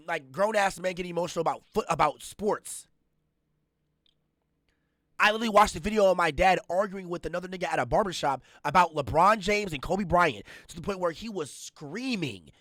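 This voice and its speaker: Guy streamer ranting hard and cussing, kinda high voice, dry close mic. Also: fairly bright tone, no echo. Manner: blunt, profane, riled-up ranting. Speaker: streamer reacting to a video. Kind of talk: casual reaction commentary.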